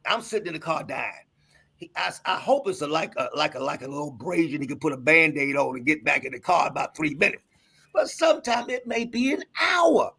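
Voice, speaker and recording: A middle-aged man, a doctor, telling emphatic stories in a lively, husky voice. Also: fairly high pitch, a little fast. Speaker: guest doctor. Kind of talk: animated storytelling.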